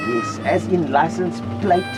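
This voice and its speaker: An actor playing a dry, sarcastic business partner, trading cutting put-downs. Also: male voice, on the high side, a little slow, loud music behind the voice, natural voice. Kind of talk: sitcom acting.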